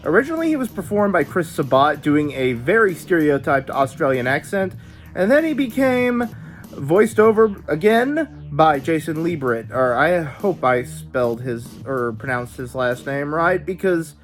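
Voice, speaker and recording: A man's voice: a little high, big pitch swings, moderate pace, soft background music. A man hosting a video, giving opinionated casual commentary with stammering asides. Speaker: video host reviewing dubs.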